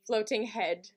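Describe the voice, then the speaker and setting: A woman hosting a live stream from her home setup, talking casually to her viewers. She is chatty and laughs easily. Her voice sits a little high for a woman. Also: slight background noise. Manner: chatty and giggly, talks to chat.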